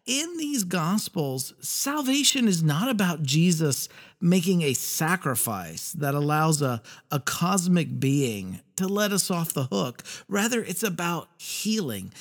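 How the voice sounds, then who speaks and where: A man hosting a faith podcast, talking earnestly and reading scripture passages aloud with pauses. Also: fairly high pitch, gravelly. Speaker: podcast host. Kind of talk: reflective faith podcast talk.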